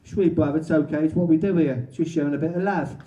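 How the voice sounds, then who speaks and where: A man's voice: high-pitched, fairly even intonation, normal speed, mellow, dull audio, voice pushed up, close to an everyday voice. A man putting on a chummy Cockney rehab bloke. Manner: chummy, calls everyone bruv. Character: friendly, gap-toothed male rehab patient. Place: bookshop event.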